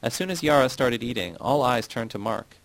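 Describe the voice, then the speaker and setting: A man reading first-person audiobook narration in a steady, measured way, close to the mic. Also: mid-range voice, creaky, no room sound, low-quality recording.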